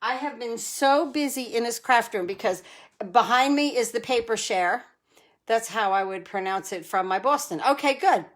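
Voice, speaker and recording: Middle-aged woman from New Jersey, friendly craft-stream host, chatty and upbeat, voice sits a bit high. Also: normal speed. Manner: chatty, greets viewers by name, enthusiastic about cards. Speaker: card-making demonstrator hosting a live stream. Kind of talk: casual live craft tutorial.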